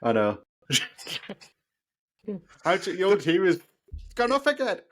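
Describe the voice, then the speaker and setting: Brief: male co-host, animated delivery, teasing banter. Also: sits high, takes it slowly. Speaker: podcast co-host. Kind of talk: casual chat.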